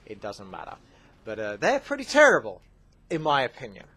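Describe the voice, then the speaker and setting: Male game commentator, casual Q&A, chatty, many fillers, mid-pitched voice. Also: huge pitch swings, brisk, a bit bright, breathy edge. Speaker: gaming channel host.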